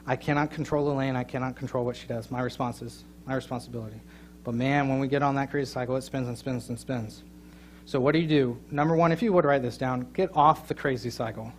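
A middle-aged man preaching a sermon, telling a funny story and joking with his congregation, with loud emphatic peaks. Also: medium pitch, steady tone, fast talker, a little hiss or hum. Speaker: pastor. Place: church sanctuary.

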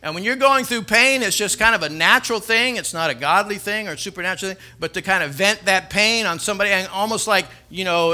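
Middle-aged preacher guy, highish voice, earnest story then pushes hard on the point. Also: pushed and bright. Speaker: pastor. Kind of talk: sermon.

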